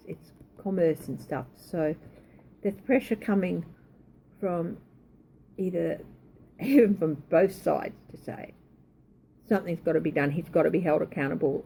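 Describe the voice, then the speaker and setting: A woman's voice: on the low side, gravelly, warm tone, husky. A woman giving a tarot reading, thinking aloud, hesitant and correcting herself as she goes. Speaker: tarot reader.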